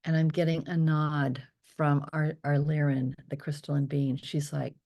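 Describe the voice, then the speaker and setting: A woman leading a guided meditation, speaking softly and slowly and often slipping into a whisper. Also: deep voice, little pitch movement, highs cut off. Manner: slow, soft and drifting, often dropping to a whisper on affirmations. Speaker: spiritual teacher leading a meditation.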